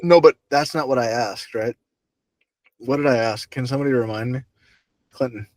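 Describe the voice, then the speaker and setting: A man's voice: mid-range voice, moderate pace, no room sound. Young male host, casual banter, eager and repetitive, dry room. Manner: excitable, stammering restarts, swearing. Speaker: podcast host.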